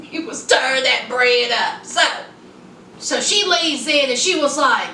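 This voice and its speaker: Sassy high-voiced woman recapping TV. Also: animated, a little slow, pushed and bright, recorded from a distance, slight background noise. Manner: sassy, chatty, addresses viewers as honey and y'all. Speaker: reality TV reviewer. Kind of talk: casual recap vlog. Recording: echoey room, voice off-mic.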